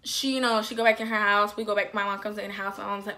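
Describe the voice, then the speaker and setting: Bright-voiced young woman telling a story. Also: medium pitch, fast. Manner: animated, filler-heavy storytelling. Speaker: vlogger. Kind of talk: storytime vlog.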